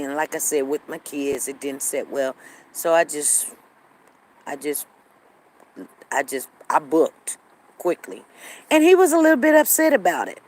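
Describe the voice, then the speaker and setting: A woman's voice: deep voice, slight background noise, low-quality recording. A woman, hosting a show and telling a story to her viewers in a casual way, often repeating herself and acting out what others said. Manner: conversational, repeats herself, acts out quoted lines. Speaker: show host.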